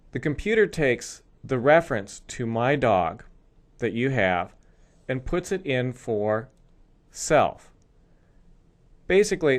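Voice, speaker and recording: A male programming instructor explaining code step by step in a recorded screencast lesson. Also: medium pitch.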